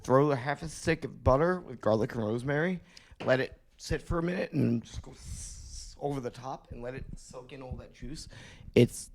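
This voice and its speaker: A man's voice: medium pitch, normal speed. A man co-hosting a podcast, telling profane stories in casual chat and mimicking other people's voices. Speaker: podcast co-host.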